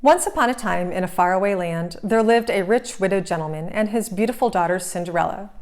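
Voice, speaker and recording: A woman narrating a children's storybook aloud, clear, gentle and expressive. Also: medium pitch, fairly quick.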